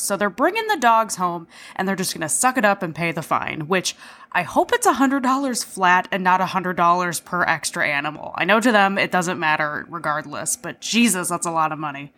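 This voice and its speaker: A woman's voice: fairly low pitch, big pitch swings, fairly quick, sharp tone. A woman hosting a podcast, recapping an episode in a chatty way, with swearing and self-deprecating asides. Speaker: podcast host.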